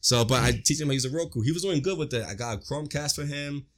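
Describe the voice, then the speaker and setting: A young man co-hosting a casual podcast chat, telling animated stories full of slang and cursing. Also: medium pitch, quick pace. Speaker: podcast co-host.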